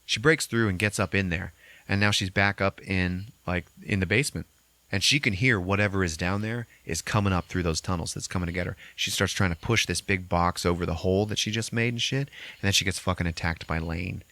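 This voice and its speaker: A man hosting a podcast, recapping a movie in a casual, animated way with constant swearing. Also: low voice, fairly quick, dry recording. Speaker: podcast host.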